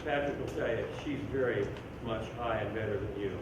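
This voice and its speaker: A man leading a school band rehearsal, giving animated, joking instructions and singing rhythms aloud to show phrasing. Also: on the low side, fairly quick. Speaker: band clinician conducting a rehearsal. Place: school band room, indoors. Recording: very echoey room from far off with background noise.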